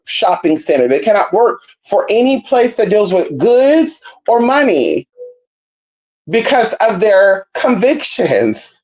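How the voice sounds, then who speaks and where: A mellow-voiced woman from California chats with her viewers as a spiritual reader. She's sassy and talkative, uses pet names like baby and girl, and moves from low murmurs to high squeals.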